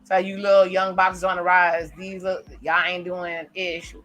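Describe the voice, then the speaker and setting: A woman's voice: lowish voice, flat delivery, normal speed, fairly bright tone, faint music behind. A woman giving chatty, casual reaction commentary on a TV episode as she watches it. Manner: chatty, reacts aloud while narrating scenes. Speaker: reaction video host.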